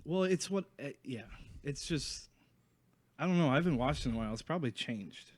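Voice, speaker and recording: A man's voice: fairly high pitch, expressive, a little fast, no room sound. A man in easy, joking chat as a podcast guest, recorded in a room in a house. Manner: easygoing, agreeable, jokey. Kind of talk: casual chat.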